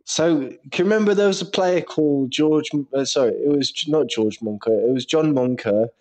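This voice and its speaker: A man's voice: medium pitch, normal speed, a little mellow. A young man co-hosting a podcast, laughing often and swearing casually as he chats. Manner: giggly, laughs often between sentences. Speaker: podcast co-host. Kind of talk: casual chat.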